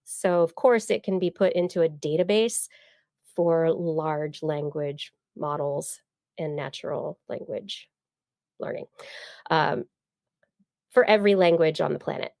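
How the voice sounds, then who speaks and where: Chatty low-voiced woman science host. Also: measured pace, gravelly, pauses often, a little mellow, dry recording, clean studio sound. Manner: chatty, explaining with many fillers and restarts. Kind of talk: casual science chat.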